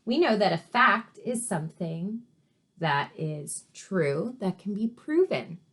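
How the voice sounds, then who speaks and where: A woman teacher reading a storybook to children, pausing to ask questions and explain words. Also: medium pitch, lively intonation, fairly bright tone, breathy edge. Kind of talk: read-aloud story lesson for children.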